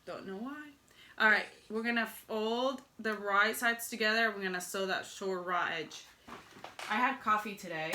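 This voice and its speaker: A woman's voice: mid-range voice, moderate pace, sharp tone, slight background noise. A young woman giving a casual sewing tutorial, chatting and joking with viewers as she works at her sewing machine. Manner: chatty, jokey asides to viewers while working. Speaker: sewing pattern instructor.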